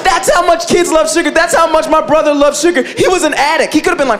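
A man's voice: very high voice, fast, hardly any pauses, a crowd in the background, background noise. A man doing a stand-up comedy set, telling a rambling story full of fillers and acting out the voices of the people in it.

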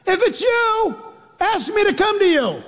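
A man voicing a big, burly male fisherman, with his voice pushed much higher and calling out eagerly in a dare. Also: a little slow, in a large hall, full character voice. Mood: bold, eager. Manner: excited, daring pleading.

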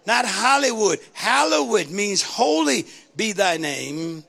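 A woman's voice: mid-range voice, very animated, takes it slowly, vocal fry, a bit bright. A woman preacher delivering a sermon in a rhythmic call-and-response style, building to rising exclamations.

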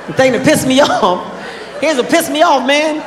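A man performing a stand-up comedy set, telling animated stories and acting out characters with sudden shouts, in a large live venue. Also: extremely high pitch, moderate pace. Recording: echoey live hall with crowd noise. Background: audience laughter.

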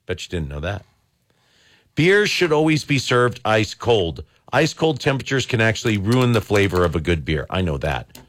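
Male radio host, lively pitch, jokey, reads listener jokes and trivia with quick asides. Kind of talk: casual radio call-in chat.

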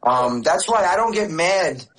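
A man's voice: sits high, animated, a little slow, a bit bright, slight background noise, rough recording. A man in his forties, raised in the United States, talking as a radio interview guest and telling candid stories with many restarts. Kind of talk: casual interview chat.

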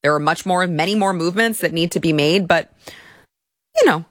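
Sarcastic woman commentator, low voice. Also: fast, fairly bright tone, dry recording, studio quality. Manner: sarcastic, indignant ranting. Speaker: political commentator. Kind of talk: opinionated video commentary.

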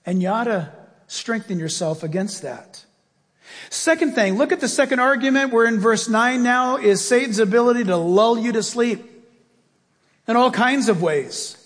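A man's voice: extremely high pitch, normal speed, big-room sound. A man preaching a sermon as pastor, telling stories and acting out voices as he goes. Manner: animated storytelling with acted-out voices.

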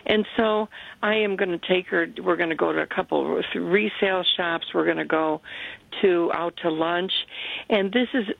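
A woman calling in to a Christian radio show, earnest and grateful, speaking haltingly. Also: lowish voice, creaky, no room sound. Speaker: caller. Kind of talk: phone call to a radio show. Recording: tinny phone line.

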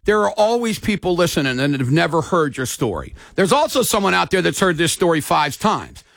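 High, gravelly man on sports radio. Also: big pitch swings, brisk, a bit bright, no echo, clean studio sound. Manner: storytelling, folksy and emphatic. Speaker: radio show host.

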